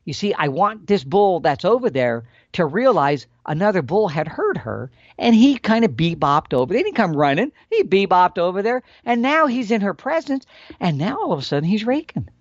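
A man explaining elk calling tactics in a folksy, animated storytelling manner. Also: high-pitched, normal speed, dry recording, lo-fi sound. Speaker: elk hunting instructor.

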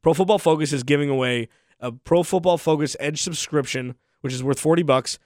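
A man's voice: a little high, a little fast, no echo. Young guy w/ sore throat doing his sports podcast, rambly, trails off, dry mic. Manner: rambling, self-correcting, trails off quieter at phrase ends. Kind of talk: casual solo podcast talk.

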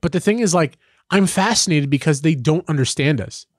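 A young man co-hosting a casual sports chat, telling rambling stories full of "um" and "like", jumping up in pitch when he gets worked up. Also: brisk, dry recording, clean studio sound. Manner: animated, rambling storytelling with many fillers. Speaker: podcast co-host.

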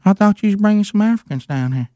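Man doing a bewildered country bulldozer guy, drawl, pitched up high, plain and folksy. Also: animated, quick pace, mellow, dry recording, clean studio sound. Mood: puzzled folksy. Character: simple rural Southern bulldozer man.

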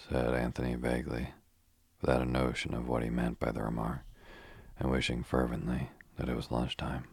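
A man reading a novel aloud as an audiobook narrator, measured and even. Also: a bass voice, gravelly, breathy edge, dry recording.

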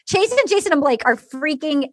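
A woman's voice: high-pitched, lively intonation, moderate pace, background noise. A woman hosting a podcast, recapping a show in casual comedic chat and acting out the quotes in exaggerated voices. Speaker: podcast host.

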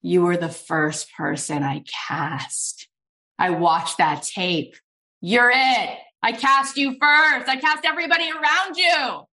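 A woman's voice: a little high, animated, takes it slowly, sharp tone, pitched above the performer's own voice, full character voice. A woman voicing an eager, bossy male film director who talks emphatically and commands. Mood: emphatic.

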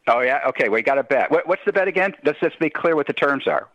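Man guest, quick joking banter, muffled dry line. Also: a little high, animated, fairly bright tone, dry recording. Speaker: guest on the phone. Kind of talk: casual chat.

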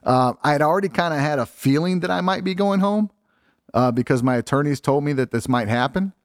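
A man's voice: a little high, expressive, a little fast, dry recording, studio quality. A middle-aged man from Illinois, a podcast guest telling his story in casual, blunt talk, swearing freely and acting out what others said.

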